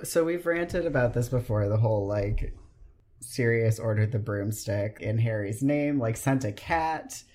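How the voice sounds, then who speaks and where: A podcast host chatting casually, retelling scenes in a lively, profane way and acting out the quotes. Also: medium pitch.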